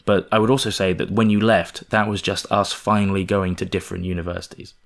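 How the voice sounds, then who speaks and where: A man in casual conversation, telling a personal story in an animated, self-deprecating way. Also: low-pitched, brisk, creaky.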